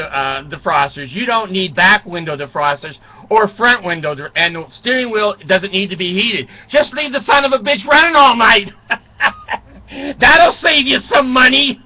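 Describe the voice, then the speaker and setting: A man's voice: high-pitched, bright, forceful tone. Older man spinning self-mocking comic stories. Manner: self-mocking, swears, laughs through his stories. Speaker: vlogger. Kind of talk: rambling comic storytelling. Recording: dull lo-fi recording.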